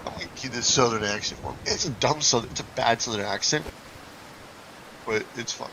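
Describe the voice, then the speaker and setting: Thinking out loud while he plays, this man gives relaxed let's-play commentary for his gaming videos, wandering off topic and dropping sentences midway. He talks a bit quickly in a mid-range voice with vocal fry, over background noise.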